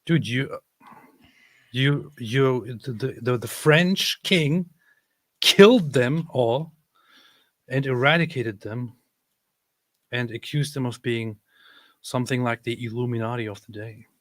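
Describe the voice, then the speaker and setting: A man hosts a live stream in a close, dry sound, reading viewers' comments aloud and tossing off deadpan jokes between them. His pitch sits in a middle range, and he often stammers and restarts as he goes. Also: slow, pauses often, no echo. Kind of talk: casual chat.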